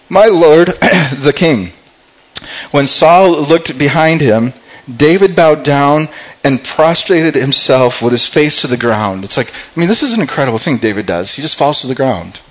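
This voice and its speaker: A man's voice: medium pitch, poor audio. A man preaching a sermon, reading scripture aloud and retelling it, often repeating words and restarting as he goes. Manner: reads scripture then paraphrases with acted character voices. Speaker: pastor.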